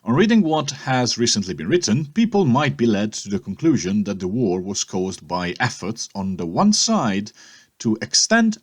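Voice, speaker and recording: A man's voice: fairly low pitch, slightly rough. A man voicing a proud male Confederate leader in a British accent, reading his defense in a declamatory, indignant way.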